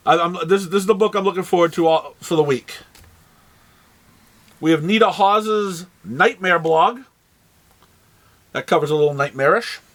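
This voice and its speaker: A man with a New England accent and a high voice talks casually through a shop's new arrivals. He rambles, trails off and restarts his phrases, with plenty of ums along the way. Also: a bit bright. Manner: rambling, with frequent fillers and restarts. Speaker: comic shop host. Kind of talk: casual product rundown.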